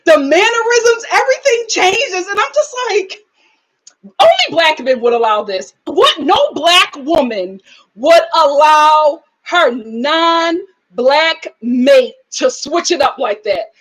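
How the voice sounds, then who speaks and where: A woman hosting a live reality TV aftershow, talking in animated commentary and mimicking people in whiny voices. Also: high voice, slow, rough recording.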